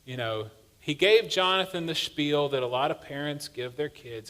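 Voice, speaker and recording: A man preaching from the pulpit, his voice a little higher than most men's. He retells the story in a loose, conversational way and slips in light humor. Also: expressive, moderate pace, bright, forceful tone. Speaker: pastor. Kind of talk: sermon. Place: church sanctuary.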